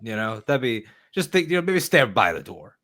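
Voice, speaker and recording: A man playing a tabletop role-play game, talking in a rambling, halting, jokey way. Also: mid-range voice, very animated, fairly bright tone. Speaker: player.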